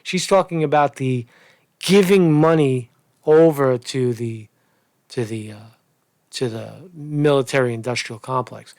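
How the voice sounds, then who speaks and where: A man's voice: mid-range voice, measured pace, a little mellow, dry recording. A man giving casual political commentary in a video blog, rambling and blunt, repeating and restarting his phrases.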